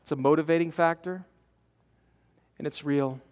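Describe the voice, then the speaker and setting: A man in his forties preaching a conversational sermon to a men's conference, animated, acting out quotes and repeating words as he presses his points. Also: a little high, normal speed. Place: large conference hall. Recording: long hall reverb from a conference.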